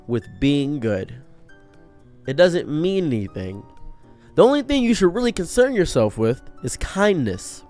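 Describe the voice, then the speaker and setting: A man giving an earnest motivational monologue, preachy and direct, acting out the voices he quotes. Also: on the high side. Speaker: streamer giving a pep talk.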